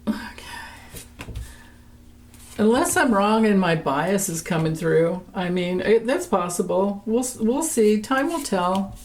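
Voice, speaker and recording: A woman's voice: mid-range voice, expressive, unhurried, long pauses, darkish tone, slight background noise. A woman giving a chatty tarot reading, laughing often and restarting her sentences as she talks. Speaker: tarot reader. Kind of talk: casual tarot reading vlog.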